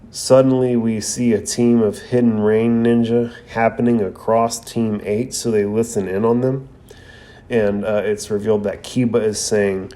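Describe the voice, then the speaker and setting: A man's voice: on the low side, little pitch movement, moderate pace, warm tone. A man hosting a podcast, recapping an anime episode in a casual, slangy way with asides.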